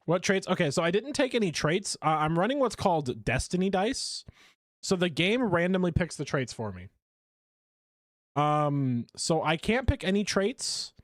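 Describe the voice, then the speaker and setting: Male streamer, chatty and animated, a touch high-pitched, dry close mic. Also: no echo. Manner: chatty, animated, self-mocking. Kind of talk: live gameplay commentary.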